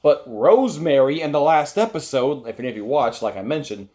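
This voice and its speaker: A man's voice: medium pitch, expressive, brisk, warm tone. A man hosting an online review, talking casually and sarcastically straight to his viewers with a critical edge. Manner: wry, critical, talks to viewers directly.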